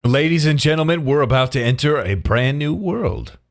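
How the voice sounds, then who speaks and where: A man's voice: a little high, animated, moderate pace, pitched above the performer's own voice. A man hamming up a grand showman announcer. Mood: grandiose.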